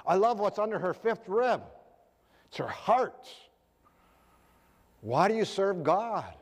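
Earnest male preacher with a high voice, heard with long hall reverb. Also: lively intonation, a little slow. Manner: earnest, rhetorical questions to the audience. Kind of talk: sermon.

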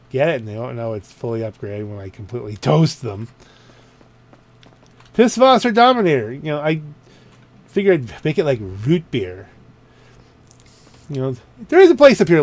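In a casual let's-play, a gaming channel host walks through his car garage in a video game. His voice is mid-range with a darkish tone, and his chatty, rambling remarks are full of self-corrections.

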